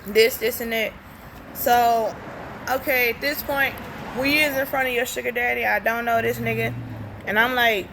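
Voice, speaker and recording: A woman's voice: a little high, normal speed, slight background noise. A young woman telling a story casually, blunt and profane, acting out the dialogue as she goes. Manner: blunt, profane, animated retelling with quoted dialogue. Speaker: storytime vlogger.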